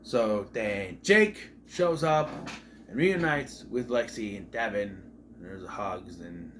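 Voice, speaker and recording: A man's voice: fairly low pitch, expressive, slow, a bit bright, a little hiss or hum. A young man giving a casual, rambling spoken review of a TV episode, exasperated, swearing now and then and often restarting his sentences.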